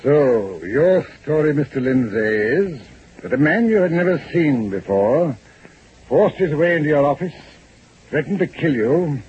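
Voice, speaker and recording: Sharp sarcastic police inspector, old radio drama, lively ups and downs. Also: male voice, fairly high pitch. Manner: probing, measured, dryly sarcastic. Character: stern shrewd male police inspector. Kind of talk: 1940s radio acting. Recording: lo-fi old radio recording with faint hiss.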